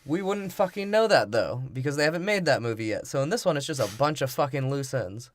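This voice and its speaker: A man's voice: medium pitch, lively intonation, fast talker. A man co-hosting a podcast in crude, laid-back banter, cursing casually. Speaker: podcast co-host. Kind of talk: casual comedic movie breakdown.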